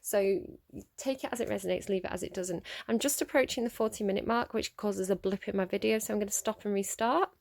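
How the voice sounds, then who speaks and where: A woman's voice: medium pitch, vocal fry, darkish tone. Musing woman giving a tarot reading. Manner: musing, halting, many ums and restarts; laughs at her own slips. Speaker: tarot reader. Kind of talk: solo tarot reading to camera.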